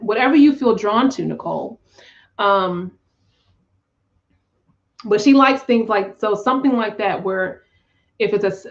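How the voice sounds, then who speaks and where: A woman's voice: a little high, muffled recording. A woman hosting a live tarot reading, talking in an effusive, emotional, spiritual way with frequent laughs and sighs.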